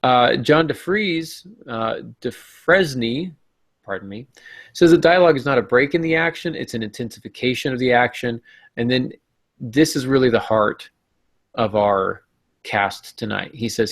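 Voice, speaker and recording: Gravelly-voiced man hosting a writing podcast. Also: mid-range voice, normal speed. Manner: hesitant, many ums and restarts, self-deprecating. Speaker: podcast host. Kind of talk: casual discussion.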